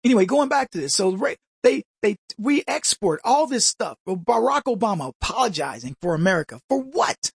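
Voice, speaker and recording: A man hosting a talk radio show, delivering an opinionated monologue full of rhetorical questions and quick impressions of people. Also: sits high, sing-song, gravelly, slightly rough, no room sound, studio quality.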